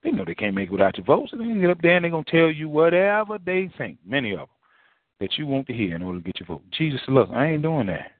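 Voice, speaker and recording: A man's voice: on the high side, huge pitch swings, very fast, dry recording. A male pastor preaching a sermon in a folksy, repetitive way, full of rhetorical questions. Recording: tinny phone-line sound, dry.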